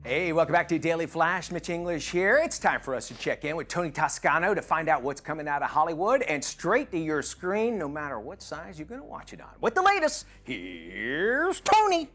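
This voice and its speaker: A man's voice: a little high, brisk, few pauses, a bit bright, soft background music. A man hosting a daytime entertainment show, playful and jokey with his guest. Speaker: TV show host.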